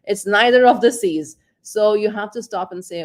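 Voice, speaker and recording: A woman's voice: mid-range voice, normal speed. A middle-aged woman, a parenting coach, talking reflectively and repeating words as she searches for them. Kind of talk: conversational talk on parenting.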